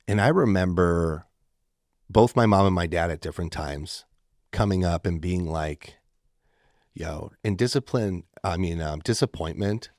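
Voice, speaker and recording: A man's voice: deep voice, no echo, clean studio sound. A man co-hosting a faith podcast, speaking casually and animatedly, quoting others with feeling. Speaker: podcast co-host. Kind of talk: faith-based casual discussion.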